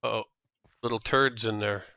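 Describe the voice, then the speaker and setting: Bright, gravelly Canadian man streaming. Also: fairly low pitch, steady tone, dry recording, lo-fi sound. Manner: rambling, jokey, quick to laugh. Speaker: game streamer. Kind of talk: casual gameplay chat.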